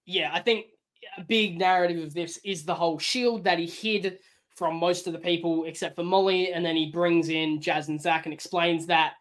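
A woman's voice: on the low side, moderate pace. A woman with an Australian accent, a guest on a podcast, arguing her view in casual chat and acting out quotes. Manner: animated, argumentative, acts out quotes. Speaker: podcast guest, former contestant.

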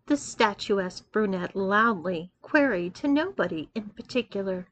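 A woman narrating a first-person story in a measured, expressive reading. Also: medium pitch.

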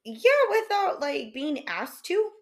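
A woman co-hosting a casual podcast chat, telling stories lively and acting out the voices of the people in them. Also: high-pitched, slow. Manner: animated storyteller who acts out quoted voices. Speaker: co-host, biological mom.

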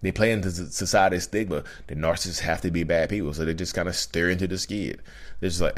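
A man's voice: sits low, fast. A man hosting his own channel, talking casually and animatedly to his listeners and calling them y'all over and over. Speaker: self-aware narcissist channel host. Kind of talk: casual direct-to-camera talk. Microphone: podcast-style recording.

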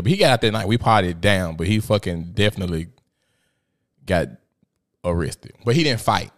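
Animated, profane man chatting. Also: brisk. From Memphis, Tennessee. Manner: animated, profane storytelling with sudden high-pitched outbursts. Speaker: podcast host. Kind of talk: casual profane chat.

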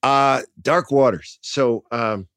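A man's voice: medium pitch, takes it slowly, fairly bright tone, no room sound. A man in his sixties from New York City, a guest in a casual interview, talking in a reflective, thoughtful way. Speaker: actor guest.

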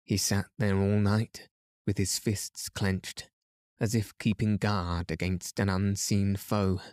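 Slow, low-voiced man reading a bedtime story. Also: no echo, clean studio sound. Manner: calm, soothing storyteller. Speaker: podcast narrator.

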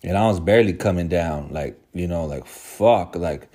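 A man with a low voice telling a personal story to his viewers. He talks in loose, casual slang, restarts his sentences often and swears freely. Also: normal speed, dark tone. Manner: profane, slangy, rambling.

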